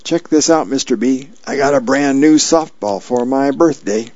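A man's voice: medium pitch, moderate pace, no echo, pitched above the performer's own voice, close to an everyday voice. A man voicing an eager young boy who pesters a neighbor to play, in a dull lo-fi radio recording. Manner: excited, pestering.

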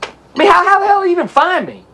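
An actor playing a frustrated, touchy grown son who exclaims in agitation. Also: male voice, very high-pitched, sing-song, quick pace, bright, forceful tone, heavily acted. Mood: agitated. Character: frustrated ex-racer son, high-strung and touchy.

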